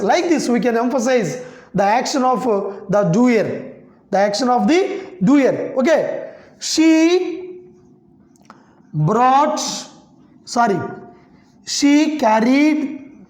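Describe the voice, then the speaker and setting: Her voice is high yet darkish in tone, and she takes her time as she explains grammar to a class, dictating sentences one word at a time. She repeats herself often, peppering it with "okay," and the recording has a bare-room echo.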